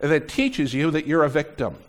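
A middle-aged man preaching a sermon as pastor, animated, swinging between loud emphasis and quieter asides. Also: on the high side, brisk.

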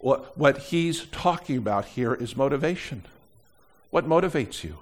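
Middle-aged guy preaching, goes loud then drops quiet, lively sermon. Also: mid-range voice, normal speed. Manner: animated, swings between loud emphasis and quiet asides. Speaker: pastor.

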